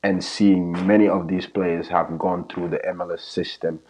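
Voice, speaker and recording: Man, very deep voice, soccer coach, match analysis, repeats phrases, dull lo-fi audio. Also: flat delivery, normal speed, a little mellow, slight background noise. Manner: earnest, repeats phrases, restarts sentences. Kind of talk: live match commentary chat.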